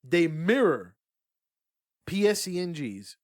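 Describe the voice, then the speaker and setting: A young man co-hosting a podcast, telling stories in an excitable, swearing, casual way. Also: high-pitched, slow, no room sound, studio quality. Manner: excitable, swears a lot, laughs through punchlines. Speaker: podcast co-host. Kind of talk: casual chat, animated storytelling.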